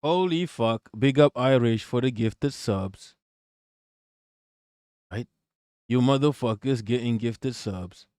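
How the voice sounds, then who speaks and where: A man hosting a casual livestream, reacting to a video and shouting out his chat in slangy, profane talk. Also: mid-range voice, slow, long pauses, clear, resonant tone, dry recording.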